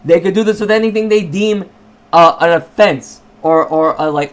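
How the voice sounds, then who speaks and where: A man's voice: high-pitched, normal speed. Rambling, sarcastic man ranting. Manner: rambling, sarcastic, with frequent restarts. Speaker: channel owner. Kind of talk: casual rant vlog.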